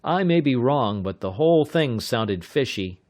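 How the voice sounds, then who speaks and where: A man's voice: medium pitch, lively intonation, unhurried, a little mellow, pitched above the performer's own voice, close to an everyday voice. A man voicing a young inventor hero in an audiobook, speaking firmly and in clipped phrases. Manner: clipped, firm. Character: young male inventor, cool-headed hero.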